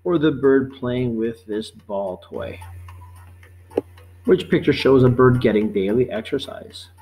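A man's voice: mid-range voice, warm tone, poor audio. Patient man reading a quiz lesson. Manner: slow, patient, repeats each question. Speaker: teacher.

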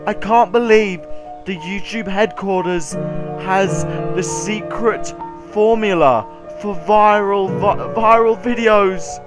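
A man with a high voice hosts a comedic game skit, playing every moment as melodrama with sarcastic asides and panicked yelps. He takes his lines slowly and deliberately. Clear background music runs under his voice. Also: fairly even intonation. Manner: exaggerated, melodramatic exclamations, bursts of panicked yelling. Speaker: YouTuber touring a game build.

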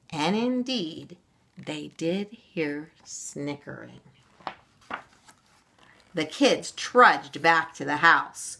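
Woman storyteller, expressive, slow, bright voice, children's story. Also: deep voice, vocal fry. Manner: expressive, gentle. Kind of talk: read-aloud children's story.

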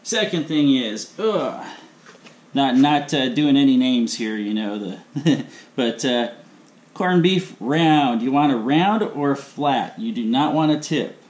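A man's voice: medium pitch, measured pace, a little mellow. Chatty man in an echoey kitchen. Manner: rambling and chatty, with asides and laughs. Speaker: cooking channel host. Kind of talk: casual cooking vlog. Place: home kitchen. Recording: echoey kitchen with faint room noise.

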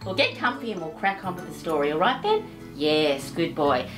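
A woman's voice: sits low, big pitch swings, normal speed, music in the background. Sing-song doting woman storyteller. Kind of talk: reading a picture book aloud.

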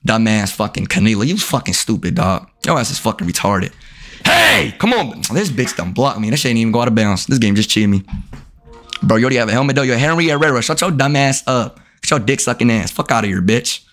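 A man live-streaming a video game, cursing and trash-talking at his chat, with sudden yelled outbursts. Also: mid-range voice, expressive, fast talker. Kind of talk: casual live-stream commentary while gaming.

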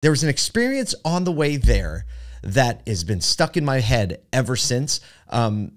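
A man's voice: mid-range voice, very animated, a little slow. A man hosting a podcast, telling a story in a chatty way with many fillers and asides. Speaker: podcast host. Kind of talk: casual storytelling monologue.

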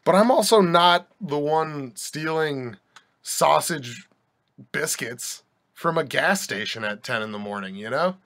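A man's voice: a little high, lively intonation, a little slow, a bit bright. A young man hosting a podcast, telling a rambling anecdote in a wry, joking way with many restarts and asides. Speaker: podcast host. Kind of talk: casual storytelling monologue.

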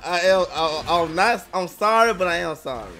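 A man's voice: high-pitched, lively intonation, normal speed, sharp tone. A man streaming a fighting game, chatting casually with friends, laughing and thanking viewers by name. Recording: game music behind the voice.

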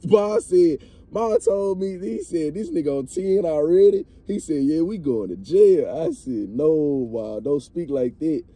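A young man, telling a story to friends in a car in an animated, profane, laughing way. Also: on the high side, unhurried. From Mississippi, US. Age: young adult. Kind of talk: casual storytime among friends.

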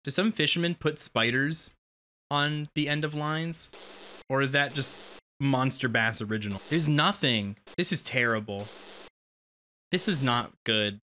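A game streamer giving casual let's-play commentary, excitable and quick to swear and yelp at sudden scares. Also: mid-range voice, a little hiss or hum. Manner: excitable, swears a lot, yelps at jump scares.

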